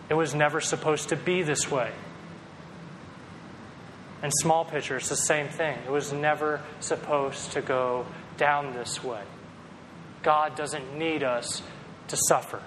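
A man's voice: medium pitch, long reverb tail, noisy background. A man preaching a sermon in a conversational, storytelling way, with self-deprecating humor. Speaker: pastor.

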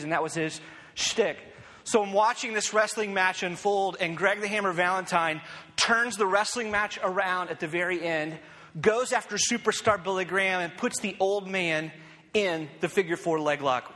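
With a high voice trailing off into long reverb, a man begins his sermon by sharing something personal. His delivery is animated and self-mocking, peppered with frequent "right?" check-ins.

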